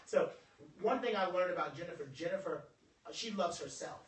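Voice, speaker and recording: Lively preacherly man, bright and echoey. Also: high voice, a little fast, slight background noise. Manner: lively, preacherly, joking, calls on the audience. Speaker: motivational speaker. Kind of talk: informal motivational talk to a small group. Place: indoor room with a small audience. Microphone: phone livestream from across the room. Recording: echoey room, voice from a distance.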